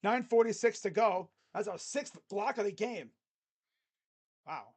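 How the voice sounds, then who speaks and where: A fan streamer calling a basketball game live, play-by-play style, mixing excited calls with sarcastic jokes and quiet mutters. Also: medium pitch, measured pace. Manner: joking, sarcastic asides. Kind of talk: casual live play-by-play reaction.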